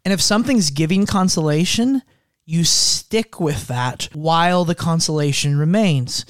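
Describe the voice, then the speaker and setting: A man in a casual faith discussion, speaking in a calm, instructive, measured way. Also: a little high, no room sound, clean studio sound.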